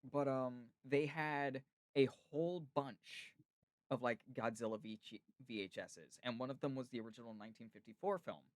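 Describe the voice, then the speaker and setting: A man's voice: medium pitch, normal speed, no echo, clean studio sound. Chatty man telling rambling stories. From United States. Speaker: podcast host. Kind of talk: casual chat.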